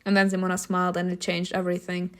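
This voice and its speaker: A woman reading a story game's narration aloud, breaking off for loud, laughing reactions and casual swearing. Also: lowish voice, completely flat delivery, quick pace. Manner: reads narration evenly, bursts into loud laughing outbursts. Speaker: streamer reacting to a story game.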